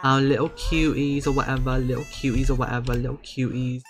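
A man's voice: mid-range voice, flat delivery, brisk, background noise. A young man hosting a let's-play of a life-sim game, campy and sassy, swearing often and swinging between cooing and outbursts. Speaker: gaming channel host. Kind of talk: casual let's-play commentary.

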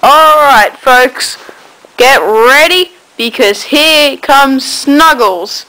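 Deadpan young woman, high and slow. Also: rough recording. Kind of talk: homemade comedy sketch.

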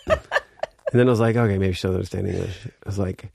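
A man's voice: on the low side, fairly even intonation, a little fast, creaky, darkish tone, no room sound. A man in his thirties, a guest musician, telling a story in a laid-back way with many fillers, getting livelier as he acts out scenes. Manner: laid-back, filler-heavy, reenacts scenes with rising energy. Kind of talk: casual storytelling.

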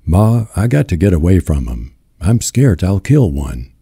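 A man's voice: sits low, big pitch swings, measured pace, mellow, husky, dry recording, studio quality, full character voice. A man voicing a tense, restrained young farmhand who speaks in a clipped rural drawl, in a storybook reading.

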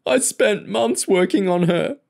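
A man voicing a bitter, fat, bearded male car thief who sobs and whines in shrill outbursts. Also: very animated, unhurried, vocal fry, husky, heavily acted. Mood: sobbing.

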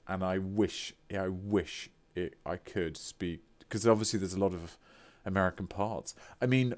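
A British man, a voice actor streaming a game, chatting excitedly with viewers and reading their messages aloud with playful theatrical outbursts. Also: lowish voice. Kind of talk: live-stream chat with viewers.

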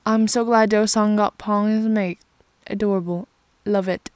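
A woman's voice: medium pitch, fairly even intonation, moderate pace, a little mellow, no room sound. A woman hosting her own channel, chatting casually and gushing sentimentally about fan art, often sighing. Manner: gushing and sentimental, with frequent sighs. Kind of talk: casual chat.

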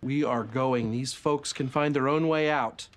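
Guy doing a dramatic, emotional gay sitcom dad, middle pitch, big feelings. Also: a little slow, close to an everyday voice. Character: flamboyant, theatrical, big-hearted gay dad. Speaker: sitcom character. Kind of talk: sitcom acting.

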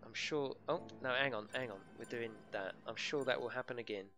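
A man's voice: mid-range voice, a little fast, pushed and bright, faint music behind. A middle-aged man, live-streaming a racing game and bantering and swearing with his chat. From United Kingdom.

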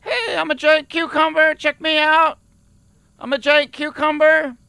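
A man voicing a goofy amateur actor auditioning as a giant cucumber, shouting his lines. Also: extremely high pitch, flat delivery, unhurried, creaky, dry recording, voice pushed up, heavily acted.

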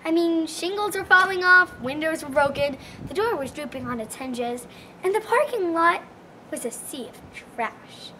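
A woman telling a children's tall tale in a lively, expressive, folksy way. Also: very high voice, normal speed, a little hiss or hum. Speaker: storyteller. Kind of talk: animated storytelling for children.

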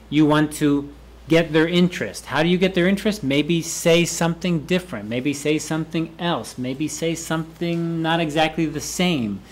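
A man teaching a university class, his voice pitched somewhat high for a man. He repeats key phrases slowly and leans hard on the words he wants to stress, speaking in a classroom. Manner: repeats phrases for students to echo, lively emphasis. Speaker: university professor. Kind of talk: classroom lecture.

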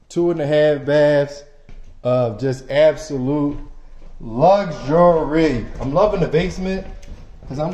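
An enthusiastic man walks through an empty house and talks straight to his viewers in easy slang. His voice sits a little high for a man but stays mellow, with soft edges. The bare rooms throw his voice back in a roomy echo. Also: slight background noise. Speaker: property manager giving a home tour. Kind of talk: walkthrough video tour.

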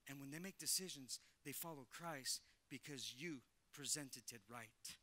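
A man preaching a sermon as pastor in a church, energetic, stammering repeats and acted-out quotes. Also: mid-range voice, a little slow. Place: church sanctuary.

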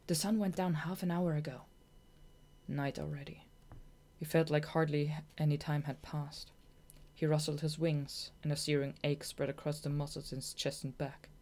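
A woman narrating a children's audiobook in a measured, gentle storytelling manner. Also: low-pitched.

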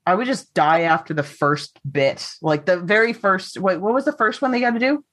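A woman's voice: medium pitch, fairly bright tone. A woman from Canada with a Canadian accent, co-hosting a podcast, teasing and giggling in casual chat. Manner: giggly, teasing, quick quips. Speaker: podcast co-host.

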